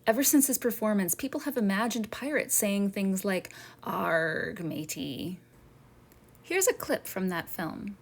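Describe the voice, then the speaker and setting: A woman's voice: mid-range voice, expressive, moderate pace, hardly any pauses. Woman teaching kids a friendly history lesson. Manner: friendly, asks the listener questions. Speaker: museum educator. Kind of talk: children's lesson narration.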